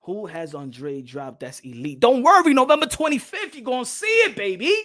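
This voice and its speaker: A man's voice: very high-pitched, big pitch swings, moderate pace, bright, forceful tone. A man hosting a boxing channel, delivering a heated, profane rant at his viewers with mocking impressions.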